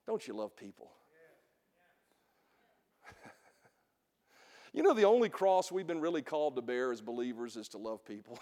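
A middle-aged male pastor preaching a sermon, calling for congregation responses and swinging between soft asides and shouted emphasis. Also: high-pitched, long reverb tail. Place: church sanctuary.

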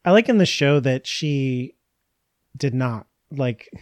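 A man's voice: mid-range voice, expressive, slow, dry recording, clean studio sound. A man co-hosting a podcast, joking and laughing through casual talk about a book. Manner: joking, laughs often, rambling asides. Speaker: podcast co-host. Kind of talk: casual book-club chat.

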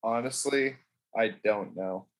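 A man's voice: lowish voice, slow. A man co-hosting a podcast, joking around, laughing often and swearing in casual chat. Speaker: podcast co-host.

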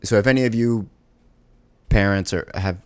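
A man with a low, deep voice speaks haltingly about being a parent, circling back with fillers and restarts. The sound is dry and close, with no room around him. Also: a little mellow, smooth, no echo. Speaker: parent of a young child. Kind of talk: personal monologue.

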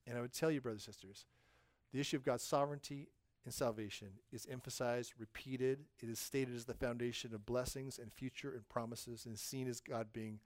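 A man's voice: fairly high pitch, no echo. Man preaching, dry and close. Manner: conversational preaching with emphatic rises and hushed drops. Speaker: pastor. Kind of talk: sermon.

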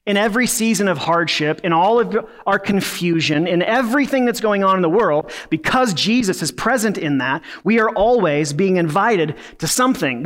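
Conversational pastor with a raised voice. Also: male voice, sits high, a bit bright. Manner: conversational, self-deprecating, frequent uh fillers. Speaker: lead pastor. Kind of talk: sermon. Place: church sanctuary.

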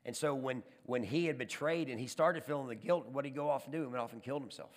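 Man preaching, lively storytelling, lots of restarts, big hall reverb. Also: mid-range voice, quick pace. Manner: animated storytelling, repeats words and restarts. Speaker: pastor. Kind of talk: sermon.

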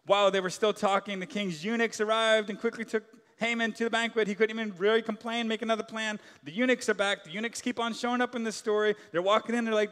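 High-pitched male pastor, casual animated sermon, long church reverb. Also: fast talker. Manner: casual, animated retelling with asides.

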